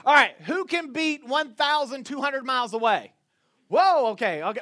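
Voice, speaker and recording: High bright-voiced playful preacher man. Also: lively intonation, normal speed. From Florida. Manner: playful, chatty, polling the crowd. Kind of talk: casual talk to a congregation.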